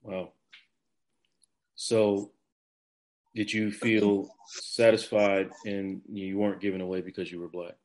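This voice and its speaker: Host role: very low voice, gentle, probing interviewer. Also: little pitch movement, slow, long pauses, rough recording. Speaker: podcast host. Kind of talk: interview questions.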